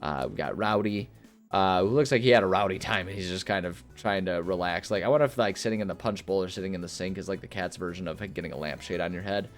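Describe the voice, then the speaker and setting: A man hosts a gameplay video, chatting casually in a relaxed, rambling way packed with fillers. His voice sits low and moves fast, with faint music behind it.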